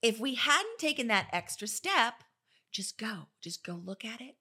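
Bright-voiced chatty woman designer. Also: fairly high pitch, measured pace, husky. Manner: chatty, animated storytelling with quoted voices. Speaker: interior designer and business owner. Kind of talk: casual advice talk.

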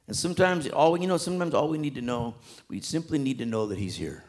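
A man preaching a sermon with passion, swinging between loud emphatic peaks and hushed soft passages, in colloquial everyday speech. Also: medium pitch, lively intonation, quick pace, few pauses. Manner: colloquial, with repetitions and restarts.

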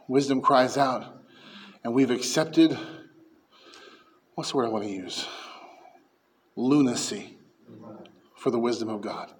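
A man preaching a sermon as pastor, fervent and emphatic, dropping to hushed lines and rising to loud peaks. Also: mid-range voice, a little hiss or hum.

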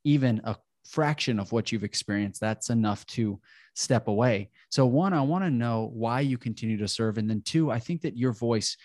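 A man's voice: medium pitch, normal speed, a little mellow, no echo, clean studio sound. A man hosting a podcast, talkative and affirming as he responds to his guest and asks questions. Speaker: podcast host. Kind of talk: casual interview conversation.

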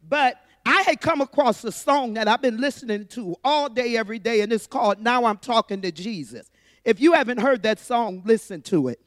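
A woman's voice: on the high side, lively intonation, moderate pace, no echo, studio quality, big-room sound. A woman sharing a personal testimony at church, telling her story earnestly and from the heart.

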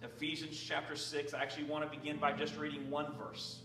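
Male pastor, slightly high voice, casual sermon delivery, echoey room. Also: monotone, brisk. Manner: prayerful, conversational with fillers. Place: church sanctuary. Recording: roomy, distant from the mic.

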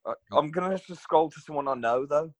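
A man's voice: on the high side, quick pace. A man co-hosting a podcast, hesitant and laughing in casual banter. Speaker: podcast co-host.

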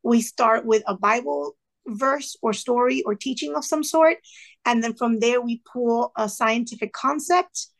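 A retired teacher, guest on a podcast, tells stories in a casual interview, animatedly acting out dialogue and sprinkling in Spanish phrases. Her voice is high-ish and gravelly, and she speaks a little slowly.

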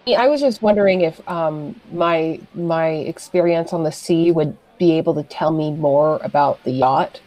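A woman playing a tabletop game, speaking hesitantly and slowly. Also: low-pitched, mellow, low-quality recording. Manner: hesitant and slow. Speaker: player.

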